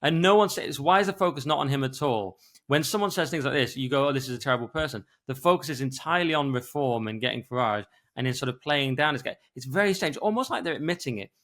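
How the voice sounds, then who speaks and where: A man in mid pitch, co-hosting a podcast. He sounds tired and rambles fast from one thought to the next in casual talk. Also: expressive, a bit bright. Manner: quick, rambling, conversational. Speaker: podcast co-host. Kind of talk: casual political discussion.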